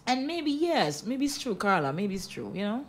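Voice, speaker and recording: A woman's voice: a little high, very animated, normal speed. A woman co-hosting a radio talk show, bantering and teasing in a Patois-flavored casual chat. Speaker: radio co-host.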